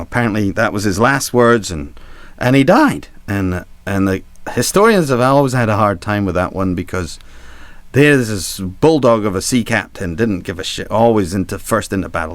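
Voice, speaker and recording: Male captain storyteller, low-ish voice, rambling and cheeky, dry sound. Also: expressive, normal speed, dry recording. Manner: rambling, chuckling, swearing for laughs. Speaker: cruise ship captain telling stories. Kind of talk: comic storytelling.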